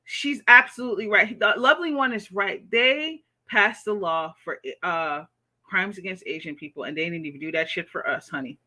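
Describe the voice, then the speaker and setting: A woman's voice: mid-range voice, normal speed, pushed and bright. An American woman hosting a livestream, reading chat comments and giving blunt, profane commentary, often tagging sentences with "okay?". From United States.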